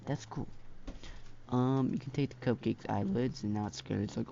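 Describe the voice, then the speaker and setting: A man's voice: medium pitch, moderate pace, creaky, mellow, slight background noise. A man giving casual gameplay commentary as a mod reviewer, rambling with many fillers and slang, recorded on a dull lo-fi mic.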